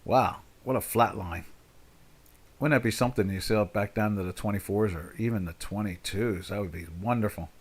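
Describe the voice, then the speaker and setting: Husky and lowish, an older man from the United States talks a little fast while hosting a live trading webinar. His market commentary rambles, packed with "you know" fillers and restarts.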